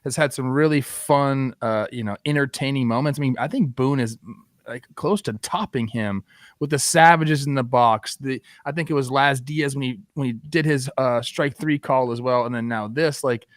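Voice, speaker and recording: A man's voice: medium pitch, moderate pace, dry recording, clean studio sound. Easygoing chatty male sports co-host. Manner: relaxed, chatty, frequent fillers. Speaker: sports talk show co-host. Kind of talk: casual sports talk.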